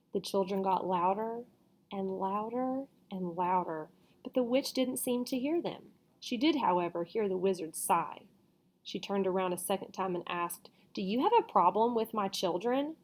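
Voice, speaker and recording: Female reader for a storybook, relaxed read-aloud, stumbles and self-corrects casually. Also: medium pitch, normal speed.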